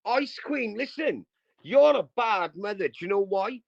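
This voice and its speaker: A man's voice: high-pitched, expressive, measured pace, creaky, no echo. A man, ranting crudely and aggressively on a livestream, repeating slang tags after nearly every phrase. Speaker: livestream host. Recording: dull dry lo-fi stream audio.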